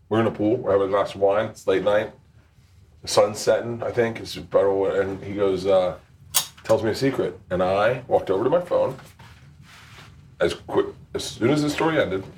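A man hosting a casual chat while cooking, loud and full of swearing, who acts out the voices of people in his stories. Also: on the low side, moderate pace, a little hiss or hum. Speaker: host.

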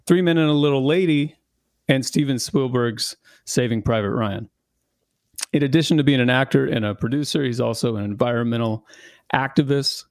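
A man's voice: medium pitch, no echo, studio quality. A man hosting a podcast interview, upbeat and enthusiastic as he introduces and questions his guest. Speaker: podcast host.

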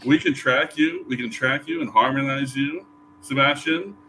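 Casting note: middle-aged man, mid-pitched and relaxed, easygoing podcast guest with dry humor. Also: moderate pace, a little hiss or hum, poor audio. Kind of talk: casual chat.

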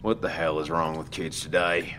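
A man voicing a heavyset, crude middle-aged man who jokes roughly and swears freely. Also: rumbling low, little pitch movement, moderate pace, a bit bright, a little hiss or hum. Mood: grumbling. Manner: joking, rough, profane.

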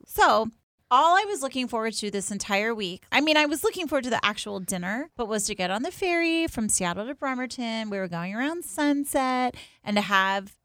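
Chatty woman podcast host, telling a story all animated, dry close sound. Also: fairly high pitch, dry recording. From East Coast of the US. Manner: animated storyteller, quick asides and acted-out quotes. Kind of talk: casual chat.

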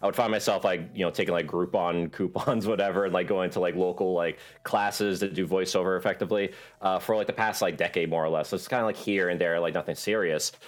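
A man's voice: sits low, fairly even intonation, fast talker, few pauses. A man, a voiceover artist, chatting casually as a podcast guest, rambling with lots of fillers. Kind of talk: casual chat.

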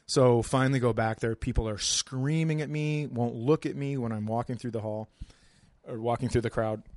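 A man's voice: mid-range voice, steady tone, moderate pace, darkish tone, dry recording. A man casually telling a long anecdote in a laid-back, dry way, as a podcast guest. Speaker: stand-up comedian guest. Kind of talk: casual storytelling.

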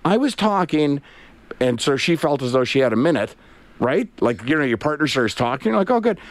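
A man's voice: mid-range voice, lively intonation, a little fast, no room sound. A man in his late fifties hosting an afternoon radio show, telling rambling, self-deprecating stories from the studio. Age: 50s. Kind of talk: casual on-air chat. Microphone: studio mic with headset.

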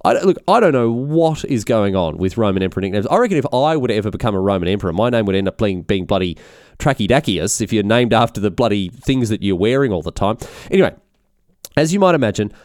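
A man's voice: lowish voice, animated, fast talker, darkish tone, dry recording, clean studio sound. A man narrating history in a comedic, irreverent, rambling way. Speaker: history storyteller.

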